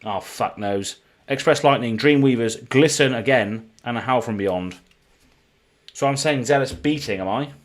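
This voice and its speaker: A man's voice: mid-range voice, moderate pace. Chatty British man opening card packs. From United Kingdom. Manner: chatty, reads card names in a running list. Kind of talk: casual live-stream chat.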